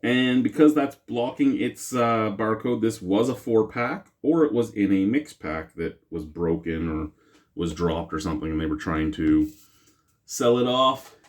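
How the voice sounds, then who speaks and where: A deep-voiced man hosts his own beer review, talking in a low register. His delivery is chatty and rambling, full of self-mocking asides. His intonation swings up and down freely, and he is picked up by the camera's own mic. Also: lively intonation, unhurried. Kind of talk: casual solo review vlog. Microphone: camera mic, no lapel mic.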